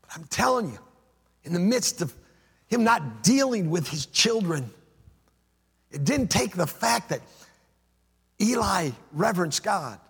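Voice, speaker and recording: A man preaching from the pulpit in a high, breathy-edged voice. He leans on repeated phrases and lifts into a sing-song preaching cadence, and his words ring with the long reverb of a large hall. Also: big pitch swings, unhurried, pauses often, a bit bright. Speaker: pastor. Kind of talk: sermon.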